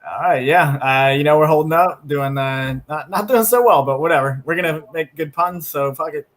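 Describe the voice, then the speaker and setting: A man's voice: fairly high pitch, moderate pace, a bit bright. A laid-back man from California, a guest comedian on a video call. He talks casually and swears freely between puns. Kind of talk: casual chat and pun telling.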